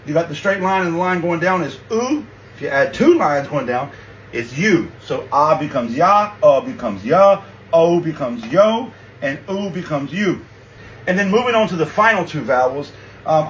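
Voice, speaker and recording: High-voiced man teaching patiently. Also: a bit bright, a little hiss or hum, rough recording. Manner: patient, reassuring, drawn-out letter sounds. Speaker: language teacher. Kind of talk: casual spoken tutorial.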